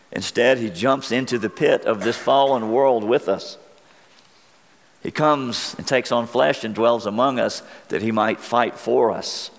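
A man preaching a sermon as pastor, earnest and deliberate, his voice wearing thin. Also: mid-range voice, vocal fry, in a large hall.

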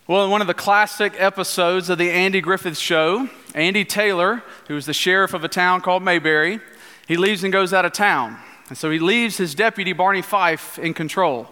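Bright-voiced male pastor preaching in a hall. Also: sits high, smooth. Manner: earnest preaching, slowing into hushed prayer. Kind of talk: sermon. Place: church sanctuary. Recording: church hall reverb.

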